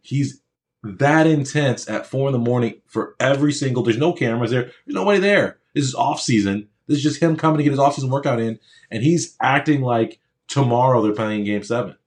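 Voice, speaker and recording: A man's voice: medium pitch, a little fast. Man giving an emphatic motivational talk. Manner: emphatic, repeats phrases for emphasis; conversational, checks in with the audience. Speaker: motivational speaker to aspiring medical students. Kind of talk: motivational speech with personal stories.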